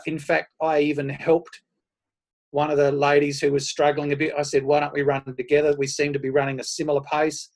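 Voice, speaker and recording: A man, telling his running stories in a casual, self-deprecating and animated way. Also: a little high. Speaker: podcast guest, runner. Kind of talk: casual storytelling.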